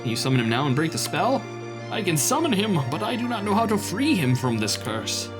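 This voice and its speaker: A man's voice: high voice, sing-song, a little fast, music in the background, pitched above the performer's own voice. A man voicing an earnest elder brother recounting his ordeal in a raised, grave voice.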